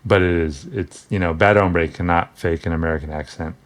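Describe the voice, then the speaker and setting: A man's voice: deep voice, fairly even intonation, brisk. A man casually talking through an old comic book, rambling and wry, with frequent restarts and asides.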